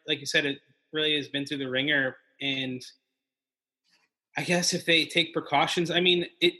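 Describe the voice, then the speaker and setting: A man who is a comedian, talking as a guest on a podcast in a halting way with lots of fillers. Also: a little high, pushed and bright. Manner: halting, many fillers and restarts. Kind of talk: casual podcast chat.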